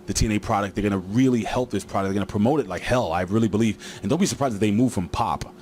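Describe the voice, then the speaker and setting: A man's voice: on the low side, racing, a little mellow, slight background noise. A man casually recapping a wrestling show, rambling with lots of fillers and joking asides.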